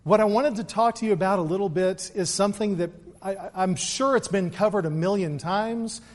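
A man giving an earnest Easter sermon as pastor, repeating words and moving between quick asides and slow, weighty emphasis. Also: high voice. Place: church sanctuary. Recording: long reverb of a large hall.

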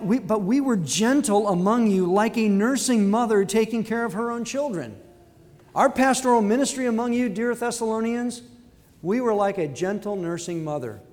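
High-voiced man preaching an emphatic sermon. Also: a little mellow, big-room sound. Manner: emphatic, quoting scripture and acting out everyday voices.

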